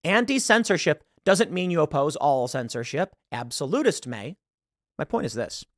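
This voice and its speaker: Animated, high-pitched male commentator. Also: moderate pace, no room sound, studio quality. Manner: emphatic, repeats words when heated. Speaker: political commentator. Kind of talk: online commentary.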